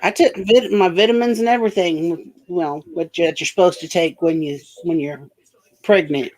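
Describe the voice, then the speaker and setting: A woman chatting casually on a livestream, relaxed and rambling with some teasing. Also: fairly low pitch, moderate pace. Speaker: guest on a livestream. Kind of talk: casual chat.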